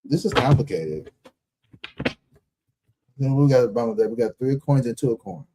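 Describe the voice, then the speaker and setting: A man's voice: medium pitch, lively intonation, moderate pace, dark tone, breathy edge, poor audio. A man hosting a live tarot-reading stream, chatting bluntly and emphatically with frequent swearing.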